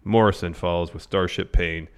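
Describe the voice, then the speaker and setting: Low-voiced man recapping casually. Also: fairly even intonation, moderate pace, clear, resonant tone. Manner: rambling play-by-play with many uhs. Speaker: podcast co-host.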